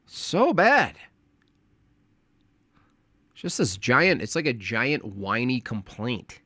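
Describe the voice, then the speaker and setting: A man's voice: mid-range voice, takes it slowly, dry recording. Mocking male streamer, dry close sound. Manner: mocking, animated, laughs often. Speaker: streamer reacting to a debate. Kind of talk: casual commentary.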